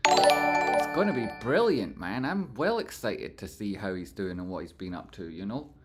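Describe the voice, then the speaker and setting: A man's voice: sits low, very animated, normal speed, music in the background. A man hosting a live stream in casual chat, reading out and thanking viewers and breaking into playful sung phrases. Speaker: livestream host.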